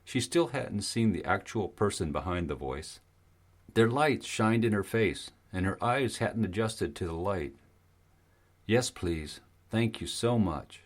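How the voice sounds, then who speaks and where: A man narrating an audiobook in a steady, even storytelling manner. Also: on the low side, a little slow. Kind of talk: scripted narration.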